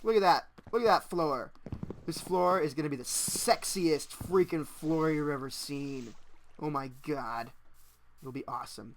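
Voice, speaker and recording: A young man chatting casually as he narrates his own gameplay, excitable and quick to laugh. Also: a little high, a little hiss or hum. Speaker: gaming channel host. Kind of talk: casual let's-play commentary.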